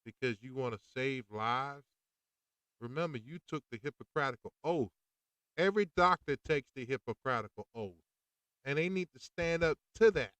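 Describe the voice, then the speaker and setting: A man's voice: medium pitch, lively intonation, normal speed, a bit bright, dry recording, low-quality recording. A man hosting a podcast, talking in a fired-up, preachy and slangy monologue. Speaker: podcast host. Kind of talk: opinionated monologue.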